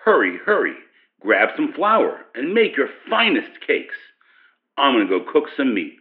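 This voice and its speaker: An actor playing Abraham as an excited old man, hurrying his wife to bake for guests. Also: mid-range voice. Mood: urgent. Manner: hurried, commanding. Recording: tinny phone-like sound.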